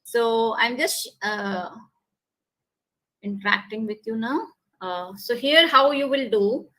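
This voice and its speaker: A woman's voice: a little high, takes it slowly, pushed and bright, rough recording. A woman with an Indian English accent giving a public speaking webinar over a video call, explaining things step by step and leading breathing exercises. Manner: instructive, repetitive, leads breathing exercises. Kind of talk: online workshop talk.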